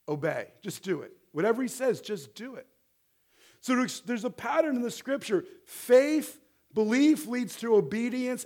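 High-voiced animated male preacher. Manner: animated, rising to near-shouting exhortation; leads the congregation in call-and-response. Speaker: rabbi preaching. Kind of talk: sermon.

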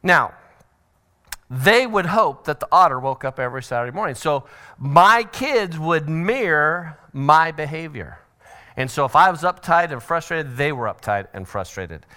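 A middle-aged man teaching a parenting seminar at church, animated and acting out family scenes with sudden shouted voices. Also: a little high, normal speed.

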